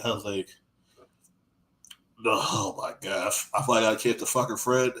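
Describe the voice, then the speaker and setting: A man with a mid-range voice tells raunchy stories in casual podcast chat. He rambles and restarts often. He acts out quoted lines, dropping soft and then jumping loud. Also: mid-range voice, steady tone, a little fast, poor audio. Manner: crude, rambling storytelling with lots of restarts.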